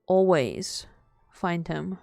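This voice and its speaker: A woman's voice: on the low side, lively intonation, very slow, gravelly, dark tone, no room sound, clean studio sound. A young woman live-streaming a game, rambling in casual chat and full of "like" fillers. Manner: rambling, heavy use of "like" fillers; chatty and playful.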